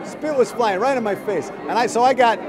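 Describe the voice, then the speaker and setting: A man being interviewed about his music career, telling an anecdote with animated quoted voices. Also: very high-pitched, brisk. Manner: animated storyteller, acts out quotes. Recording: crowd noise behind.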